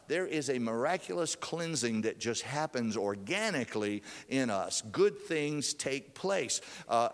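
A man preaching a sermon as pastor, climbing higher and louder to drive his points home. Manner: preaching, rising in pitch and force for emphasis. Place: church sanctuary. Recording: long reverb of a church hall.

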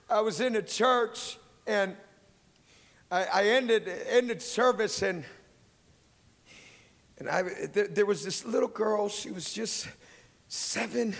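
Fiery gravelly preacher in a reverberant hall. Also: male voice, sits high. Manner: swings from hushed storytelling to shouted praise. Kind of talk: sermon. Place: church.

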